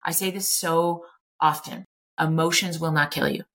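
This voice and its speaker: A woman's voice: sits low, fairly even intonation, moderate pace, a bit bright. A middle-aged woman, a clinical psychologist talking candidly as an interview guest, emphatic and blunt, swearing casually.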